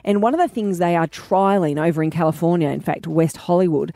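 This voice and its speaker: A woman co-hosting a radio show, bubbly and quick to exclaim, in casual banter. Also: fairly low pitch, warm tone, no room sound. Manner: bubbly, exclaims and laughs often. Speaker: radio co-host.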